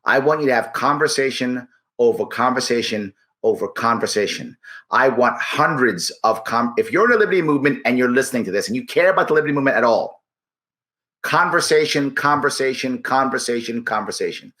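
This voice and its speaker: Emphatic, bright-voiced activist man. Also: mid-range voice, animated, fast. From United States. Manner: emphatic, repetitive, punchy. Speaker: guest, political activist. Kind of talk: persuasive interview talk.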